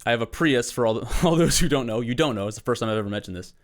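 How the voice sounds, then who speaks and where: Animated, profane ranting man. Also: medium pitch, rapid-fire. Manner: animated, profane, exasperated ranting with sarcastic asides. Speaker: comedy podcast host. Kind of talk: ranting comic monologue.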